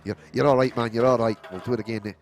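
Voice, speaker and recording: A man doing a rough Scottish accent to voice a friendly male racing driver shrugging off a collision. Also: medium pitch, steady tone, quick pace, pitched below the performer's own voice, natural voice. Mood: reassuring. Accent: put-on Scottish. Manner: reassuring, brushing it off.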